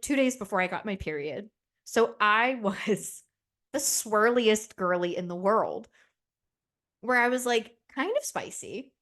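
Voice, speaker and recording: A young woman talks through a solo podcast in loose, candid chat. She swears freely and slips into quick voices for the people in her stories. Her voice sits in a middle register. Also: medium pitch. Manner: chatty, candid and profane, acts out quoted voices. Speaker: podcast host.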